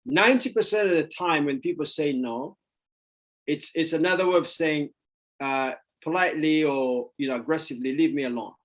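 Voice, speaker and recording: A man coaching on sales in a casual Q and A over a video call, rambling and repeating himself, now and then acting out parents yelling no in a much higher voice. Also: moderate pace, low-quality recording. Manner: rambling, repeats words, stumbles; acts out parents yelling no, voice jumping high. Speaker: sales coach answering questions. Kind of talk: casual Q and A session.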